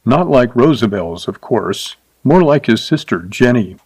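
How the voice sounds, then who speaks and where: A man narrating a short story in a steady, even storytelling voice, adding light character voices. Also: mid-range voice, moderate pace, husky, no echo, rough recording. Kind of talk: scripted audiobook narration.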